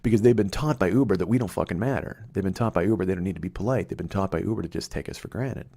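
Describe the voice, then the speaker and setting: A man's voice: low voice, rapid-fire, gravelly, mellow. A middle-aged man hosting a podcast, telling a rambling, profane comedic story in a conversational way. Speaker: podcast host.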